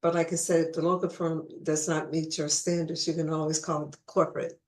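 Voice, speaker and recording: Lady podcast host w/ hiccups, lowish voice, chatty, keeps restarting sentences. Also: level tone, fairly quick. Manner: chatty, restarts phrases often. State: has the hiccups. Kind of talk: casual conversational interview.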